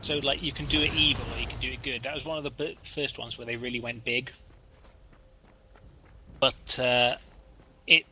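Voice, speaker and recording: A man co-hosting a gaming stream in casual chat. He talks in halting, rambling runs, full of fillers and restarts. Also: medium pitch, fairly even intonation, sharp tone, husky, poor audio. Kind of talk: casual chat while playing a game.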